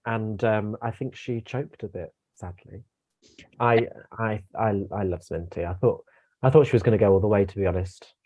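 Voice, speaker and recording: A man's voice: on the low side, moderate pace, dull audio. A young man giving his views in a casual review chat, chatty and opinionated, with stammering restarts. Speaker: co-host guest.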